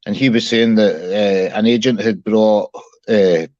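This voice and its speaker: A man's voice: fairly low pitch, steady tone, a little slow, a little mellow, no echo. A man calling in to a livestream, chatting casually and stumbling over his words as he tells a story. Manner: hesitant, repeats words, apologetic. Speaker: caller on a livestream. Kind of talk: casual chat. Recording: dull dry call audio.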